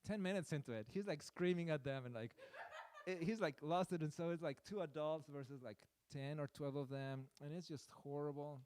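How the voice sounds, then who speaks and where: A man's voice: fairly high pitch, brisk, darkish tone, a little hiss or hum. A man preaching a sermon through a personal story, in a rambling, self-deprecating way with many fillers.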